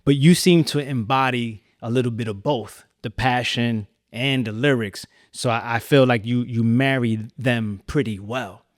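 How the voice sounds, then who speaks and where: A man hosting a podcast, asking questions in a gentle, careful and consoling way. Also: mid-range voice, a little slow, few pauses, no echo, clean studio sound. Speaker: podcast host. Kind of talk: interview questions.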